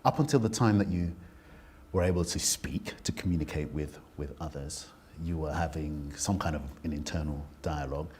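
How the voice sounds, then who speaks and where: A man, a counsellor hosting, asking measured and probing questions. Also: a bass voice, darkish tone. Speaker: counsellor and host. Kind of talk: interview questions.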